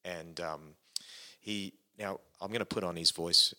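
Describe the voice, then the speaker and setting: A man's voice: sits low, fairly even intonation, measured pace, bright, forceful tone. A middle-aged man co-hosting a church leadership podcast, chatting and telling stories in an affirming way. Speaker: podcast co-host, pastor. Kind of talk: casual ministry podcast chat.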